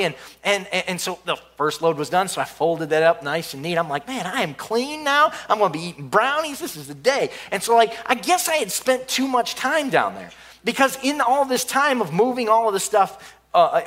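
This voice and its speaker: A man telling a funny personal story in an animated, excitable way, often stumbling and restarting. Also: sits high.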